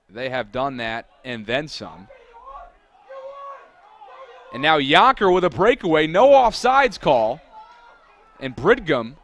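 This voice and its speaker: A man calling a soccer match live from the press box at an ordinary mid pitch. He keeps a steady, chatty flow between plays and breaks into loud, excited calls when the action peaks. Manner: energetic, builds to shouted calls on big plays. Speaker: play-by-play commentator. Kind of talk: live sports commentary.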